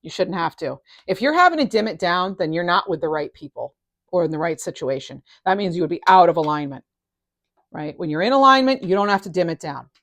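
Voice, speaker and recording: A middle-aged woman giving a casual tarot reading, enthusiastic and animated, her voice rising and falling in loudness. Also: fairly low pitch, a little fast, no room sound. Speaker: tarot reader.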